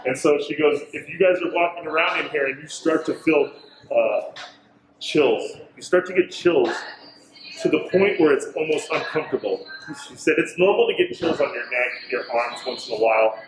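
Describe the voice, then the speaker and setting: A man's voice: a little high, moderate pace, echoey room, a little hiss or hum, low-quality recording. A man, a hotel manager, telling a ghost story in casual chat, acting out what people said and saying bro and dude. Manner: animated, acts out quotes, says bro and dude.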